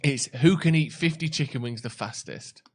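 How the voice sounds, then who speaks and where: A man's voice: mid-range voice, normal speed. A man co-hosting a live football watchalong in casual chat, rambling and joking as he hunts for words. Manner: rambling, jokey, searches for words. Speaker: watchalong co-host.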